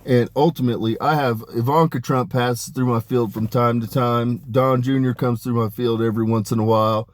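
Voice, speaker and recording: A man talking in a rambling, emphatic monologue about spiritual matters, dropping his voice low on asides. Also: fairly even intonation, normal speed, hardly any pauses, no echo. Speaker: spiritual channeler. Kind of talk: casual spoken monologue.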